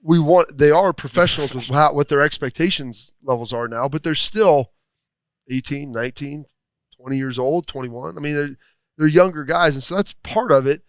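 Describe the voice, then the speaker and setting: A man's voice: fairly high pitch, normal speed, no room sound. A man, a former football player, giving rambling, thoughtful casual sports talk in a restaurant studio. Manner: thoughtful, rambling, many fillers.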